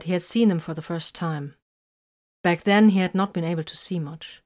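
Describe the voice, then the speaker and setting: Brief: woman narrator, slightly low pitch, steady audiobook reading. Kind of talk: audiobook narration of fan fiction.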